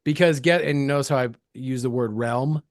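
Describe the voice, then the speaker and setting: A man's voice: mid-range voice, normal speed, no room sound, studio quality. A man co-hosting a comedic wrestling podcast, playing up words with mock-grand, hammy emphasis. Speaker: co-host.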